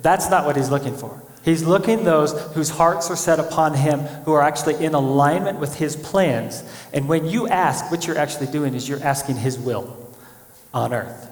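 A man preaching a sermon as pastor, animated, acting out quoted voices as he speaks. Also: fairly high pitch, moderate pace. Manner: animated, acts out quotes of God and people. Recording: echoey church hall.

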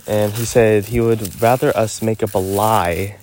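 A teenage boy rants casually into his phone as he walks his dog down a road outdoors. His voice sits on the low side and he takes his time. His talk is loose and full of fillers. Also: steady tone, a little slow, a little mellow, a little hiss or hum. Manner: ranting, filler-heavy with frequent "like" and "um". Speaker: podcast host. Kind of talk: casual rambling monologue.

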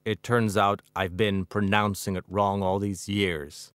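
A man voicing a wry older poet who delivers news in a dry, even tone. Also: lowish voice, measured pace, clean tone, no echo. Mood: deadpan. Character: wry older male poet, deadpan wit.

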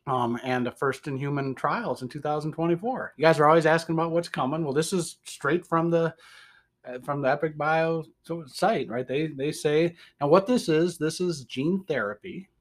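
Rambling, chuckling host with a Southern twang. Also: male voice, fairly high pitch, normal speed. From American Midwest. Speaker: podcast host. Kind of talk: casual podcast chat.

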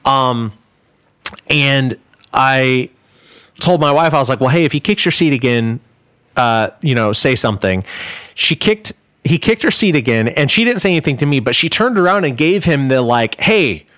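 A man of middle pitch tells a story in loose, casual chat and keeps circling back with "like" and "you know". His voice sits close and dry, with no room around it. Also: animated, normal speed, fairly bright tone, no echo. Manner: rambling, many filler "like"s. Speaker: guest musician.

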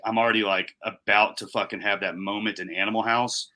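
A man co-hosting a casual podcast, telling a long story in rapid bursts and cursing freely. His voice sits fairly low but comes across bright and forceful. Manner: profane, animated storytelling. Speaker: podcast co-host. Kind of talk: casual chat.

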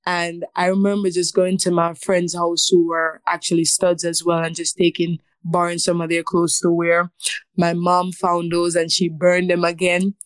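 A woman in her twenties tells her story as an interview guest, earnest and emotional. Her voice sits fairly low. The sound is dry and close, with no room around it. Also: completely flat delivery, normal speed, no room sound. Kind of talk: personal testimony in an interview.

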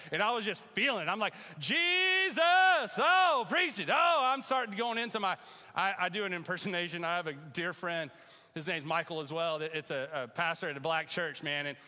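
A man preaching a casual, conversational sermon in a church, animated and bursting into loud calls to the congregation. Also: a little high, in a large hall. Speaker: pastor. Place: church sanctuary.

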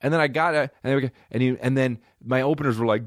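A young adult man hosting a comedy podcast, telling stories in a profane, rambling, animated way and voicing the people he quotes. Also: medium pitch, rapid-fire, few pauses, no echo, clean studio sound. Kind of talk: casual podcast storytelling.

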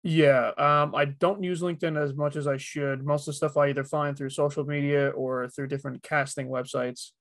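A man's voice: fairly high pitch, moderate pace, few pauses, dry recording. A man who works as a voice actor talking casually on a podcast, rambling a little with lots of fillers. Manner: relaxed, rambling, many fillers. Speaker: voice actor guest.

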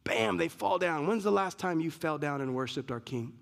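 A man's voice: on the high side, animated, moderate pace, gravelly, fairly bright tone. A male pastor preaching an emphatic sermon, building points through repeated lists and restarts. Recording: long reverb of a large hall.

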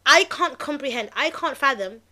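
A young woman co-hosting a podcast, speaking earnestly and openly with halting restarts. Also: high-pitched, lively intonation, bright, forceful tone. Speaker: podcast co-host. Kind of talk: casual reflective podcast chat.

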